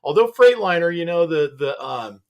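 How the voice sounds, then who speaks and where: A man's voice: on the high side, lively intonation, normal speed. A man hosting a casual studio chat show, talking in a rambling, laid-back way and chuckling often. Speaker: show host.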